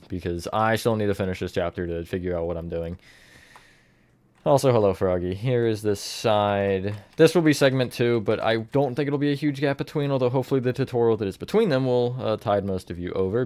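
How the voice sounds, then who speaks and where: A man's voice: lowish voice, brisk, a little mellow, no room sound. A man chatting casually on a live stream as he builds in a game, thinking aloud and greeting viewers from the chat.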